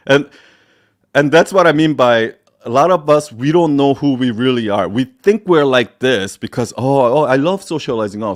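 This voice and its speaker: A man hosting a live Q&A, answering viewer questions bluntly, swearing freely and often laughing between points. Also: medium pitch.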